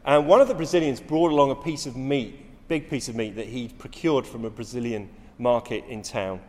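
A man's voice: medium pitch, brisk, darkish tone, in a large hall. A middle-aged man preaching a sermon, telling stories with rising emphasis and frequent restarts.

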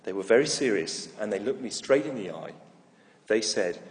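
A middle-aged man preaching a sermon, telling stories and stressing key phrases with slow repetition. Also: lowish voice, animated. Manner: storytelling, emphatic with slow repeated phrases. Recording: echoey hall reverb.

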